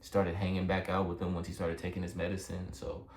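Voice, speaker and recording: A man's voice: low-pitched, completely flat delivery, a little fast, darkish tone. A young man telling a personal story in a casual, rambling way, earnest and emotional, full of fillers. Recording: echoey room with faint background noise.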